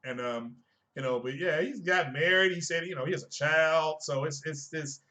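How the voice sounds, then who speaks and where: A man talks to his live-stream viewers about games in a bright, forceful voice that sits a little high for a man. He is emphatic and likes rhetorical questions, scolding his audience as he goes. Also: moderate pace. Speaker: tech and gaming streamer. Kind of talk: casual live-stream commentary.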